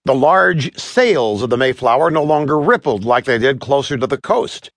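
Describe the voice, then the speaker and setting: A man narrating a children's audiobook in an animated, expressive storytelling manner, recorded close to a studio mic. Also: mid-range voice, moderate pace, no echo.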